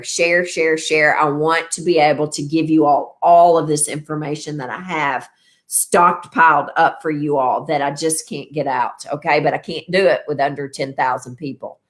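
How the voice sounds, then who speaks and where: A woman in her fifties hosting a casual livestream, rambling and tired after an illness, thanking her viewers. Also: deep voice. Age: 50s. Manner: rambling, warm toward viewers. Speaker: wellness show host.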